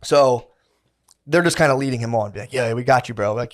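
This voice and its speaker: A man's voice: mid-range voice, fast. A man co-hosting a podcast, telling a story in casual, rambling chat full of slang and swearing, acting out the people in it. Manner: rambling, slangy, profane, acts out quotes. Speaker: podcast co-host.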